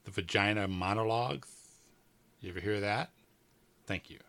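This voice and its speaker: A man's voice: on the low side, moderate pace, fairly bright tone. A man reading a story aloud for a podcast, joking and laughing as he flubs his lines. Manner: playful, teasing, laughs through flubbed lines. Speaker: podcast co-host and narrator.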